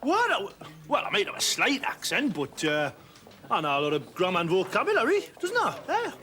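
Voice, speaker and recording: An actor playing a brash young builder, talking boastfully and bluntly. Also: male voice, high voice, huge pitch swings, brisk, bright, forceful tone, exaggerated voice. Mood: cocky.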